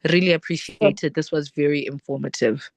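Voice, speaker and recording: A woman's voice: low voice, steady tone, a little fast, no room sound. A South African woman at an online book club, talking earnestly and slipping Sotho phrases into her English.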